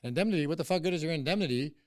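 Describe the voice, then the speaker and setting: A man's voice: fairly high pitch, very fast, no echo, studio quality. A middle-aged man, a company boss on a podcast, telling a story bluntly and heatedly with heavy swearing. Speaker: cannabis company CEO, podcast guest. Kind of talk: casual interview storytelling.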